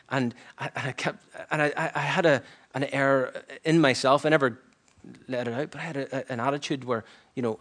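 A man preaching a sermon in an earnest, reflective way, often dropping to a hushed near-whisper. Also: mid-range voice, fast talker.

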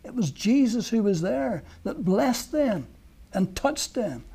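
A man with a high, husky voice preaches a sermon, building stories earnestly. His tone is mellow and warm rather than bright, and he swings from emphatic peaks down to near-whispers. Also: very animated, takes it slowly. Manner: earnest storytelling, rising to emphatic peaks and dropping to hushed lines.

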